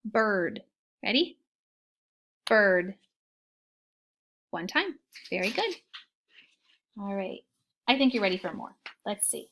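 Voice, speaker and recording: A woman teaching young children a phonics lesson, slow and encouraging in a sing-song way, with soft whispered asides. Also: mid-range voice, big pitch swings, a little hiss or hum.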